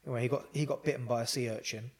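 A man's voice: mid-range voice, fairly even intonation, rapid-fire, a little mellow. A man telling personal stories in a casual chat, rambling with lots of fillers and quoted dialogue. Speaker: podcast guest. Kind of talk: casual storytelling.

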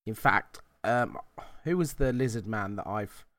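Man, tabletop player in character, teasing, animated intonation, dry sound. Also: on the low side, measured pace, no echo. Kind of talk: in-character tabletop role-play.

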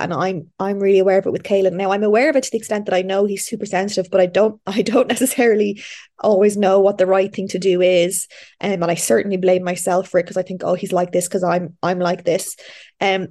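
A woman's voice: medium pitch, dark tone. Chatty woman host. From Ireland. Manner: candid, chatty storytelling with frequent fillers and restarts. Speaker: podcast host. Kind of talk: casual interview chat.

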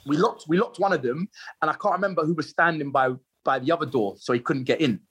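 A man, a footballer guest telling lively anecdotes in a casual interview, laughing and repeating himself. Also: fairly high pitch, fast talker, husky.

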